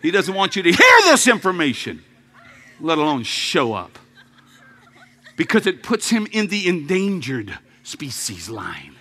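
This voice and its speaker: A man preaching an energetic sermon, joking with the congregation and breaking into shouted rallying calls. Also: a little high, measured pace, slightly rough.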